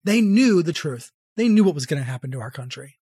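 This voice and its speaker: A man who is an author and journalist, explaining in a measured, clear way as a podcast guest. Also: fairly high pitch, sing-song, warm tone, no echo, clean studio sound. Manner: measured, explanatory, reads quotes aloud. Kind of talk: conversational interview.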